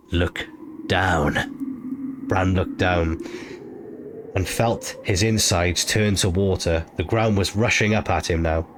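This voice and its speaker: A man reading an audiobook chapter in a measured, steady narration. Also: deep voice. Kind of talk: scripted narration. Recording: noisy ambient background.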